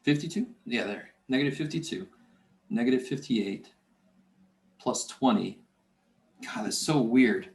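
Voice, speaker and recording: A man's voice: medium pitch, expressive, unhurried, gravelly, long pauses, darkish tone, echoey room. A man teaching a math lecture, talking himself through the arithmetic and muttering curses under his breath. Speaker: math instructor. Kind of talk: recorded classroom lecture.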